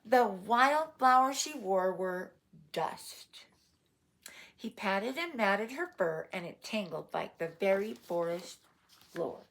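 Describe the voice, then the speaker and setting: A woman's voice: medium pitch, expressive, slow, creaky, fairly bright tone. A woman reading a picture book aloud to children, adding playful asides and questions for her listeners. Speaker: storyteller. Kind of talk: read-aloud storytime for children.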